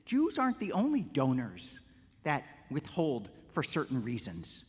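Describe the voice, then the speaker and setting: A man, a rabbi, giving a conversational lecture to a congregation and telling jokes in an animated way. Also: mid-range voice, unhurried, slightly rough, big-room sound. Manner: animated storyteller, conversational with restarts.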